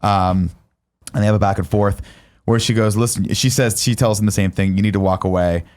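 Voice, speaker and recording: A man with a fairly low voice races through a film recap on a casual podcast. He talks quickly and keeps the story moving. Now and then he acts out the characters' lines. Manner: rapid, animated recap with acted-out quotes. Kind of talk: casual chat.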